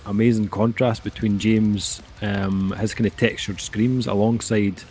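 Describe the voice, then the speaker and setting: Low-voiced man rambling through an album review. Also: level tone, unhurried, darkish tone, soft background music. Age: middle-aged. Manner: rambling, heavy on fillers like "um" and "kinda". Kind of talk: casual review chat.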